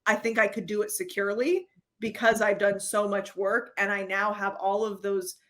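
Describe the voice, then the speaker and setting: A woman with a voice of ordinary, middle pitch speaks as a therapist guest on an interview. She tells stories in a lively way and often laughs. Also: moderate pace. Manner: animated storyteller who acts out quoted dialogue and laughs often. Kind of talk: conversational interview.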